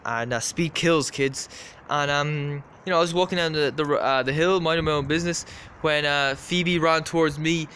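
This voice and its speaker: A man's voice: fairly high pitch, moderate pace, hardly any pauses, a bit bright, a little hiss or hum. An Irish man telling a rambling story to camera, casual and repetitive with lots of fillers. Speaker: vlogger.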